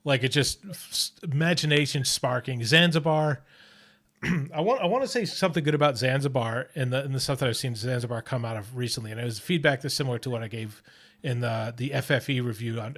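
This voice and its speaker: A man's voice: medium pitch, fairly bright tone. A man hosting a casual livestream chat, talking in a rambling way with lots of restarts and fillers. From Australia. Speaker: host.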